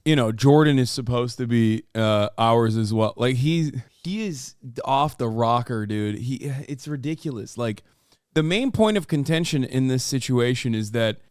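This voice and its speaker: Streamer guy reacting, swearing a lot, sarcastic, smooth voice, dry close mic. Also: medium pitch, expressive, moderate pace, a little mellow, dry recording. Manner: heated, profane, sarcastic. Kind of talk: reaction commentary.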